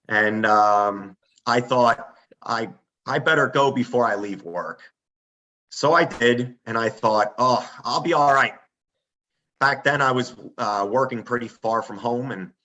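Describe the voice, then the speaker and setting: A man telling a story in a casual, animated way on a front porch, as a podcast guest. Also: mid-range voice. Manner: animated, acts out quoted voices.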